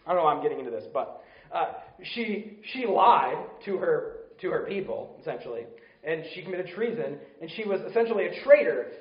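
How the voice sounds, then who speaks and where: Earnest high-voiced man preaching in a roomy space. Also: sing-song, brisk, dull audio. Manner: earnest, conversational, with restarts and rhetorical questions. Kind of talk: sermon.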